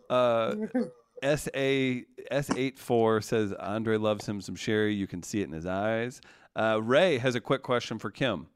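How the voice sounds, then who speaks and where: A man's voice: lowish voice, a little slow, smooth, no echo. A man hosting a casual live-stream chat, reading out viewer comments and joking with his co-hosts, laughing often.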